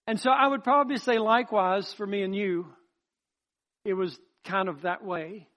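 A man with a notably high-pitched voice delivers a sermon. He preaches in a repetitive, rising cadence and works his personal testimony into the message. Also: moderate pace, fairly bright tone.

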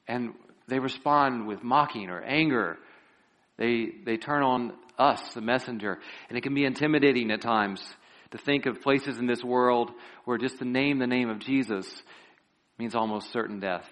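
A male preacher in the middle of a sermon, in a voice of ordinary pitch for a man. He tells a Bible story vividly and adds lively asides. His tone stays earnest and pleading.

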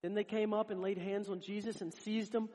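A man with a notably high voice delivers a sermon. He is earnest and direct, and he addresses his congregation as if talking with each of them. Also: flat delivery, fairly quick, a little mellow. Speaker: preacher.

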